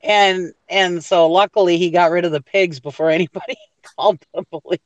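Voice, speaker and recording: High-voiced rambling male storyteller. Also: steady tone, fairly quick, no echo, low-quality recording. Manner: rambling, with many restarts and fillers. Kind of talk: casual chat, storytelling.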